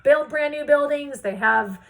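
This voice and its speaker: A woman with a slightly high, gravelly voice tells a story in a casual interview. She acts out what each person said, swinging her voice up and down as she quotes them. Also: unhurried, rough recording. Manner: animated storyteller acting out quoted dialogue. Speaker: real estate investor guest.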